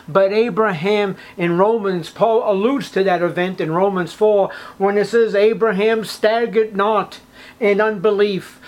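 High-pitched preacher guy telling a bible story, keeps asking the crowd questions, goes almost to a whisper sometimes. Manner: dramatic storytelling, drops to hushed near-whispers for emphasis; asks the listeners rhetorical questions. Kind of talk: sermon.

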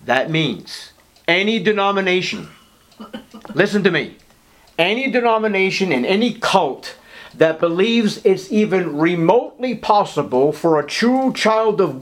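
Male preacher, higher pitch, dramatic swings between hush and proclamation. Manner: swings from low murmurs to high, loud emphatic declarations; drawn-out words for emphasis. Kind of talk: evangelical sermon.

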